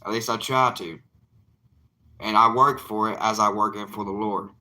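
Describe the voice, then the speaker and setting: A man's voice: fairly low pitch, steady tone, moderate pace, sharp tone. A young man, an evangelist talking casually to his livestream viewers in an earnest, plainspoken, defiant way.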